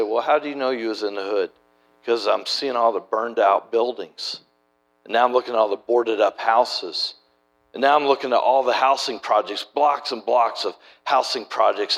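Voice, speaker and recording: A man's voice: medium pitch, fairly bright tone. A middle-aged man preaching a sermon, telling stories in a folksy, conversational way with many restarts. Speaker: preacher and church planter. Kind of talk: sermon storytelling.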